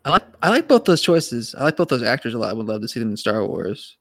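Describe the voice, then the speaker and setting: A man co-hosting a casual podcast discussion, animated and talking in quick restarts and repeated words. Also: mid-range voice, dry recording, clean studio sound. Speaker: podcast co-host.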